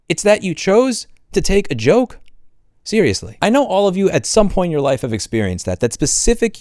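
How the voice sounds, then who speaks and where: A man's voice: on the high side, darkish tone, no echo, studio quality. A man ranting hard on his own video channel, indignant and swearing as he talks. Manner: indignant, profane, fast ranting. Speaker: channel host. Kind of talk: angry vlog rant.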